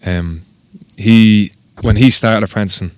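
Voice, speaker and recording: A man's voice: fairly low pitch, steady tone, a little slow, a little mellow, smooth, no room sound. An Irish man, a tattoo artist, telling stories in a casual interview, rambling and swearing freely. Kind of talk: casual podcast interview storytelling.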